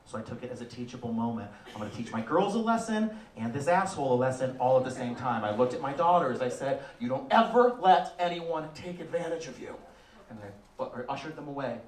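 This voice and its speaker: A young adult man doing a stand-up comedy set on a club stage, deadpan with sudden loud outbursts. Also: medium pitch, a little fast, distant mic. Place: comedy club stage before a live audience. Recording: roomy live club sound, from the back, audience laughter.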